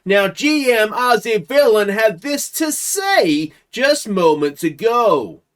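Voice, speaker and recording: A booming male TV news anchor, put on by an Australian man for a game video, pitched well above a normal speaking voice. He stretches out every word with slow, formal announcer gravity. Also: sing-song, heavily acted. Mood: announcing. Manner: slow, drawn-out announcer delivery.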